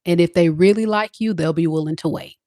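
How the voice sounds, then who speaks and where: A woman's voice: fairly low pitch, a little fast, dark tone, no room sound, clean studio sound. A woman, a tarot reader giving blunt, preachy love advice straight to the women watching. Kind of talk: direct-to-camera advice talk.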